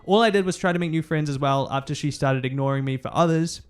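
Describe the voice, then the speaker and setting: A man's voice: on the high side, fast talker, clear, resonant tone. A young man with a New Zealand accent, a streamer chatting casually and reading out viewer messages. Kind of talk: casual chat.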